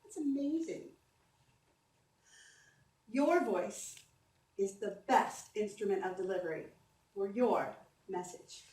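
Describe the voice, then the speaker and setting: A woman's voice: medium pitch, animated, slow, pauses often, a little mellow. A woman voice coach giving an upbeat, encouraging talk at a conference, leading the audience through breathing exercises. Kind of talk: presentation on stage. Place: conference hall. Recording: roomy hall sound from a distance, faint ambience.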